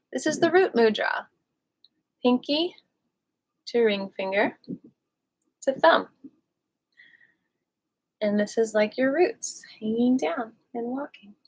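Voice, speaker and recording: A woman leading a live qigong class, gushing and encouraging, swooping high on affectionate words. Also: creaky, breathy edge, poor audio. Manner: gushing, sing-song, warmly encouraging. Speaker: qigong and yoga instructor. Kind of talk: live online movement class.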